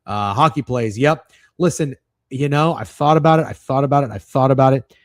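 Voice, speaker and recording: A young man hosting a sports betting livestream, talking casually and excitably, swearing often and rambling through restarts as he runs through his picks. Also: medium pitch, a little fast, no echo, clean studio sound. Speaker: sports betting show host.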